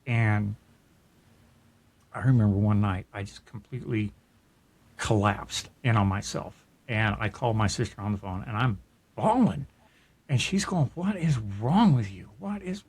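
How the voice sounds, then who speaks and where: A man's voice: lowish voice, lively intonation, slow, long pauses, breathy edge. A middle-aged man co-hosting a podcast, telling a personal story in an earnest, reflective way, often restarting his sentences. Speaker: podcast co-host. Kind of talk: personal storytelling in casual chat.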